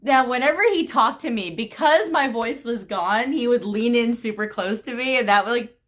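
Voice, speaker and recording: A young woman vlogs to her viewers in a casual, storytelling way. Her voice is bright and a touch high, and she talks in a giggly, gushing rush. She sounds animated and carried away by her own story. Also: normal speed. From United States. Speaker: vlogger.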